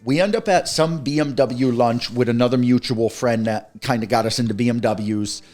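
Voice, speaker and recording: A man's voice: medium pitch, moderate pace, faint music behind. A young man in his twenties chatting casually. His voice sits in a middle register, and he tells stories at an easy pace, slipping into the voices of the people he quotes. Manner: relaxed storytelling with quoted dialogue. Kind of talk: casual chat.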